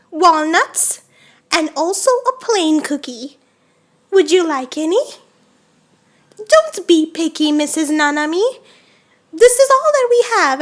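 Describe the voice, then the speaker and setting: A woman's voice: very high-pitched, heavily acted. A woman voicing a sweet little girl who hosts a pretend tea party in an audio role-play, talking earnestly with childlike put-on fancy manners. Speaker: voice actor.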